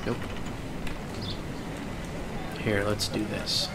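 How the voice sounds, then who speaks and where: A man's voice: lowish voice, steady tone, slow pace, long pauses. A young man from Ohio with an Ohio accent, chatting and rambling casually while streaming a coaster simulator, laughing often. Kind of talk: casual live-stream commentary. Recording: loud background noise.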